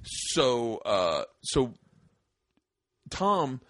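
Male podcast host, casual storyteller, lively pitch, profane, dry close sound. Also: extremely slow, dry recording. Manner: animated, profane, acts out quotes in raised voice.

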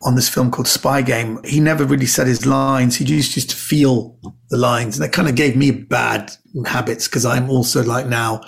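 A man guesting on a podcast, telling animated anecdotes in casual chat and acting out the voices of the people in his stories. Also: mid-range voice, normal speed, gravelly. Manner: animated storyteller, acts out quoted voices.

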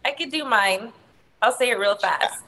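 High-voiced woman telling a lively story. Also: moderate pace, poor audio. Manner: animated storytelling, laughing often. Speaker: podcast co-host. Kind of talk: casual chat.

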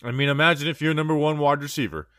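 A man's voice: fairly high pitch, quick pace, fairly bright tone, no echo, clean studio sound. A man co-hosting a sports podcast, chatting casually and rambling through stats with plenty of restarts.

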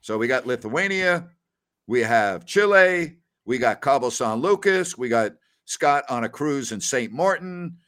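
A man hosting a casual post-game livestream, animated as he reads out viewer comments. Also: medium pitch, moderate pace, few pauses. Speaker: podcast host.

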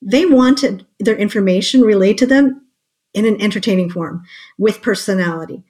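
A woman in conversation, explaining points clearly and steadily in a voice of middle pitch. She leans on rhetorical questions to build her case. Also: moderate pace, warm tone. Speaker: guest marketing expert. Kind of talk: podcast conversation.

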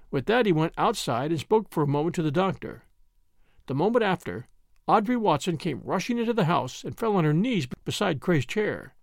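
A man narrating a classic mystery story as an audiobook reader, expressive and lively. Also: on the high side, brisk, vocal fry, dry recording, studio quality.

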